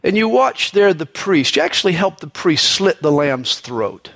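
Slightly bright in tone, a man preaches as if in conversation, repeatedly adding "you know." He lifts his voice to emphasize ideas and sinks it low and slow on weighty points.

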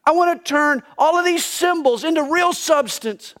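A preacher voicing an earnest teacher calling to a crowd. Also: male voice, very high-pitched, normal speed, a bit bright, pitched above the performer's own voice. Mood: pleading.

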